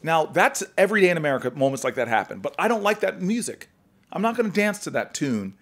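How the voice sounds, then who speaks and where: A middle-aged man, a senator, telling stories in an earnest, animated way during a podcast conversation. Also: on the high side, quick pace. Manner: earnest, animated storyteller, often acts out dialogue.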